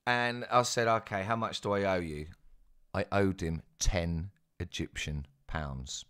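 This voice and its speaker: A man's voice: low-pitched, a little slow, a bit bright, clean tone. A young man telling a rambling, casual anecdote with plenty of swearing. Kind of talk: casual storytelling.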